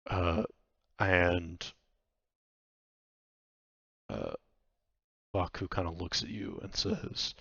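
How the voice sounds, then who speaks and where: A man's voice: low-pitched, sing-song, extremely slow, creaky, pauses often, pushed and bright, husky, no room sound. A man narrating a tabletop game as game master, hesitant and full of fillers, on a dull, dry, lo-fi recording.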